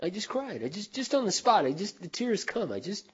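A middle-aged man telling heartfelt stories in a sermon, earnest, dropping to a hush and then rising loud for emphasis. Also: sits high, big pitch swings, brisk, slightly rough, highs cut off. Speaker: speaker.

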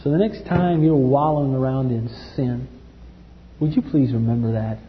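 A man preaching a sermon with passion, swinging from loud outbursts to hushed tones. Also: mid-range voice, normal speed, slight background noise. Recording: dull, hall-like recording.

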